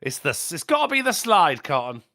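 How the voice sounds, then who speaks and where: A man co-hosting a casual reaction chat, animated and sweary, bantering and laughing. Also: a little high, moderate pace, no echo, clean studio sound. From England. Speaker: co-host.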